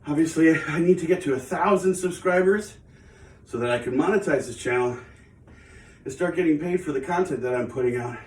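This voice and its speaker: Brisk and on the high side, with a darkish tone, a man talks to his channel from his home studio while out of breath from exercise. He's chatty, rambling and self-mocking, recorded from a distance in an echoey room.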